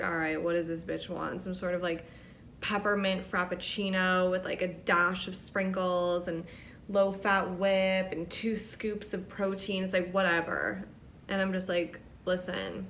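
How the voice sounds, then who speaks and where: Chatty woman with a low voice. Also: slight background noise. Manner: chatty, animated, swearing, lots of "like" and acted-out quotes. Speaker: podcast host. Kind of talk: casual storytelling chat.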